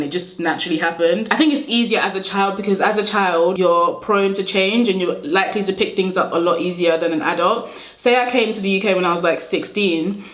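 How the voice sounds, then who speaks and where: A young woman from Nigeria, chatting and telling stories in a relaxed beauty vlog, laughing often. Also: fairly low pitch. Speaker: beauty vlogger. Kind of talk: casual storytelling chat. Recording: roomy echo.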